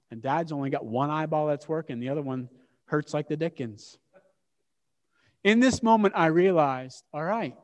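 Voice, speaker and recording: A man preaching a sermon as an animated, self-mocking story. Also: fairly high pitch. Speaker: pastor. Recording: long hall reverb.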